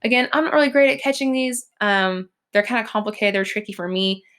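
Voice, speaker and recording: Chatty teacher with lots of fillers. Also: female voice, mid-range voice, a little fast, a bit bright. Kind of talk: recorded classroom lecture over slides.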